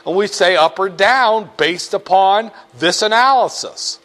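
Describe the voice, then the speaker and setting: A man with a high-pitched voice gives a classroom finance lesson at an unhurried pace. He guides students through each step patiently and drops in wry jokes along the way. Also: a bit bright. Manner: slow, joking, step-by-step. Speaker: finance instructor. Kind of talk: classroom lecture.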